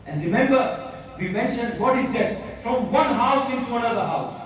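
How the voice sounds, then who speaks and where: A man's voice: extremely high pitch, lively intonation, normal speed, fairly bright tone. A man preaching a sermon in a mosque, putting rhetorical questions to the audience and checking in with them again and again. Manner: rhetorical, keeps asking the audience "right?". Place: mosque hall. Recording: echoey mosque hall, distant mic, faint hiss.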